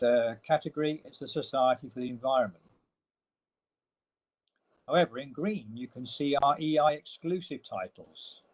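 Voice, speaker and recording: A man with a medium-pitched voice presents slides in an online webinar. He explains each point in turn and leans on the words he wants to stress. His pace is steady and methodical. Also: slightly rough, low-quality recording. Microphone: online webinar audio.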